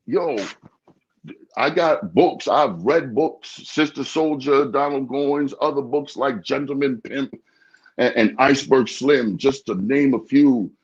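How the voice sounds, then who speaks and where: A man chatting casually in an interview, animated, often stammering and repeating words. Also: medium pitch, slow, husky. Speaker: podcast host being interviewed. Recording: dull lo-fi sound.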